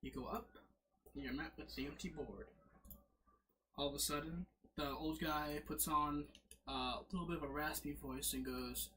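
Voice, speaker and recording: A man's voice: on the high side, normal speed. A man casually narrating as game master, fumbling with his setup and correcting himself as he goes. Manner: lively, fumbling with slides, self-correcting.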